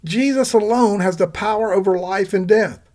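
A man's voice: moderate pace, darkish tone. A man preaching an earnest sermon, quoting scripture and retelling a Bible story. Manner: earnest, scripture-quoting, rises in pitch for emphasis.

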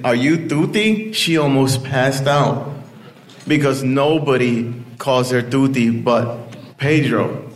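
A man telling a personal story in a casual, rambling way, full of "you know" fillers. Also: medium pitch.

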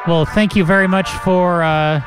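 Podcast host, man with a fairly high voice, faint music under him. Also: steady tone, normal speed. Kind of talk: casual chat.

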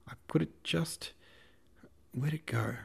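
A man voicing Denisov, a shouting lisping hussar. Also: on the high side, slow, vocal fry, breathy edge, voice pushed up, full character voice. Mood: exasperated. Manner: blustering, shouting, cursing. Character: hot-tempered lisping hussar officer, man.

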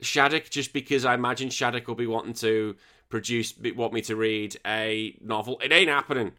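A young British man hosting a retro games podcast, reading out listener comments in an excitable, sweary, laughing manner. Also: medium pitch, brisk. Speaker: podcast host.

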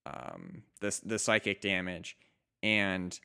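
Male game master, clear smooth tone, halting casual narration. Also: deep voice, pushed and bright. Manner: hesitant, many fillers and restarts.

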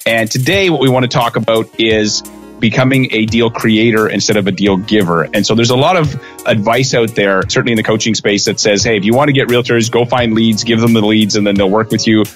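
A man hosting an interview podcast, talking in an energetic, casual way. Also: lowish voice, fairly quick, soft background music. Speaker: podcast host.

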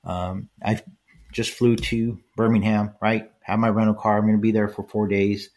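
A man's voice: fairly low pitch, level tone, normal speed, darkish tone. An older man hosting a solo podcast, talking casually and rambling, often checking in with "right?" and lots of fillers. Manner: conversational, rambling with frequent "right?" tags and fillers. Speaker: podcast host.

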